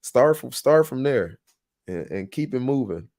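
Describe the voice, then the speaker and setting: A man's voice: medium pitch, expressive, unhurried, a little mellow. A man hosting a podcast in a casual monologue, earnest and motivational, telling stories with emphatic repetition. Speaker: podcast host.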